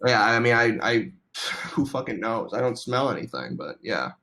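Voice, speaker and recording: Animated young man telling stories. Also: medium pitch, normal speed. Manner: animated storytelling, heavy use of "like". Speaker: podcast guest. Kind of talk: casual chat.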